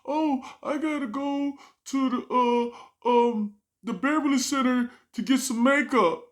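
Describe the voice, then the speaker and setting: Brief: man putting on a defensive young girlfriend, high and dismissive. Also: measured pace, fairly bright tone. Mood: breezy. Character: young woman, stubborn girlfriend doing makeup.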